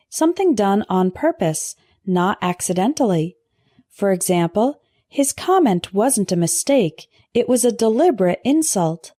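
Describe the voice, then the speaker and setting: A woman teaching English vocabulary in a scripted lesson, pronouncing word pairs slowly and carefully for learners to repeat. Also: medium pitch, dark tone, no echo, clean studio sound. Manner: slow, careful pronunciation drills.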